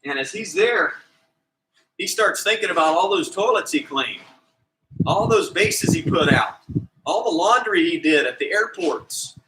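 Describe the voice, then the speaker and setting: A PE coach for children, his voice sitting high, tells an energetic, theatrical story and plays out the characters' voices without hurrying. Slight background noise comes through, and the audio is poor.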